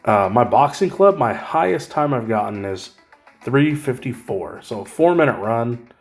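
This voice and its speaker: A man's voice: medium pitch, lively intonation, a little slow, faint music behind. A man casually talking through his mobile game progress, rambling and correcting himself with wry asides. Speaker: gaming channel host. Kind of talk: casual gameplay commentary.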